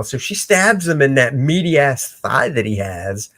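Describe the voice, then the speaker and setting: A man hosts a casual walkthrough of his comic pages, speaking at an unhurried pace. He jokes, rambles and breaks off mid-thought to check his pages. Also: medium pitch, big pitch swings, a bit bright. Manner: joking, rambling, self-interrupting. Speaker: comic artist hosting a drawing channel. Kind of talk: casual narrated art commentary.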